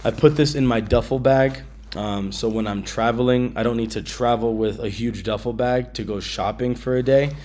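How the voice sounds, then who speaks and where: A man vlogging about his travel gear in a casual, slangy way, with many ums and bursts of excitement. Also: mid-range voice, normal speed.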